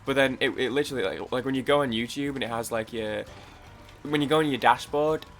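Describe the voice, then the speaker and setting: Excitable young man narrating his gameplay. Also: mid-range voice, a little fast, faint music behind. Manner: rambling, excitable, swears casually, restarts often. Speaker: gaming YouTuber. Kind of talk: casual let's-play commentary.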